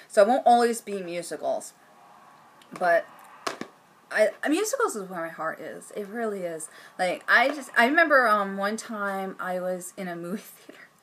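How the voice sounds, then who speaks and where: A woman in her thirties hosting a knitting podcast, chatting casually and gushing with enthusiasm, sometimes dropping into hushed asides. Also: medium pitch. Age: 30s. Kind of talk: casual chat.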